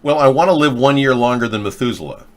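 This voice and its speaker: A man's voice: mid-range voice, expressive, fast. A man hosting a live political video chat show, rambling and joking as he answers viewers' comments. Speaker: political talk show host.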